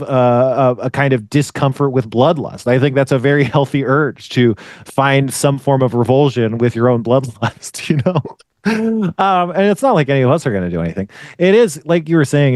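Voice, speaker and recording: A man of middle pitch co-hosting a podcast in a loose, rambling way, full of fillers, restarts and quick laughs. His voice is recorded close and dry, with no room sound. He talks like someone thinking things through out loud. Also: dry recording. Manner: laughs often while talking. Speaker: podcast co-host. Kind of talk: casual conversational commentary.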